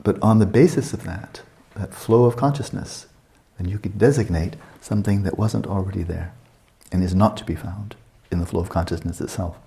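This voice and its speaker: A man in his sixties teaching a meditation retreat, talking calmly and reflectively and asking many searching questions. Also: low voice, moderate pace, creaky. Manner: calm, reflective, asks many rhetorical questions.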